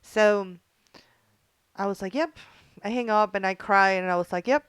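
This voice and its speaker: A woman guest in a casual podcast interview, talking earnestly with frequent pauses and fillers. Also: mid-range voice, little pitch movement, a bit bright, clear, resonant tone, dry recording. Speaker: guest, founder of a military spouse group.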